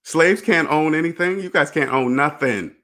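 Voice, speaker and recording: Talking straight to camera, a personal finance host lectures his viewers, driving points home with rhetorical questions, casual profanity and quick laughs. His voice runs on the high side, bright and pushed, at a normal pace.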